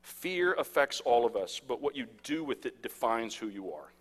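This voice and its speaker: A man in his thirties, a pastor preaching a sermon and telling stories, swinging from hushed to loud. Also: mid-range voice, sing-song, normal speed. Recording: echoey hall.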